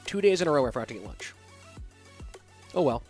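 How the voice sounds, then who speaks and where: A man's voice: medium pitch, big pitch swings, a little fast, darkish tone, soft background music. A man casting a live esports stream, chatting casually and answering viewer questions between plays. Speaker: esports caster and stream host. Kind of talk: live stream commentary and chat reading.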